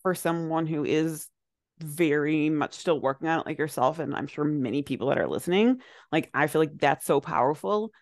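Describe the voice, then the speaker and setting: Lower-voiced woman chatting, dry sound. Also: lively intonation, moderate pace, dry recording. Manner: rambling, reflective, lots of "like" fillers. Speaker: podcast co-host. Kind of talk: casual chat.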